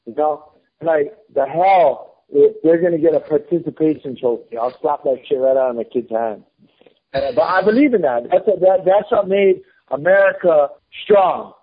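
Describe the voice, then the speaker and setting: A husky, slightly high-voiced man in his thirties speaks at normal speed as a podcast guest, telling a story in casual conversation. He's blunt and heated, swears frequently, and the audio is lo-fi and phone-like.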